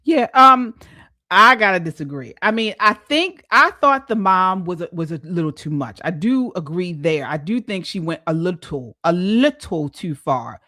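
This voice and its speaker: Animated woman hosting a panel talk. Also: lowish voice, moderate pace, no room sound, clean studio sound. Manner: animated, opinionated. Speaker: show host.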